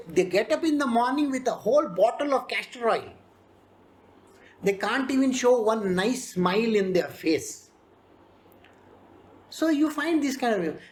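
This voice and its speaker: Lively spiritual teacher. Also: high voice. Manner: animated, acts out characters, laughs often. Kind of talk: scripture discourse.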